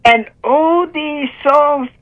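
Over a muffled phone line, an older caller gives a fervent testimony of faith, breaking into praise as emotion makes her voice catch. She speaks in a high-pitched voice, drawing out her words.

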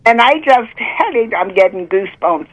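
An older woman phones in to share a religious testimony, fervently breaking into praise as emotion catches in her voice. She sounds animated, somewhat high-pitched with a breathy edge, and speaks at a moderate pace over a muffled phone line.

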